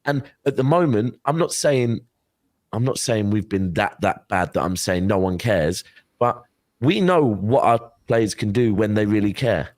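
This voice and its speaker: A man's voice: lowish voice, lively intonation, unhurried, a little mellow, no room sound. Earnest man from on a football panel. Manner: earnest, argues with lots of restarts. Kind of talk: casual panel chat.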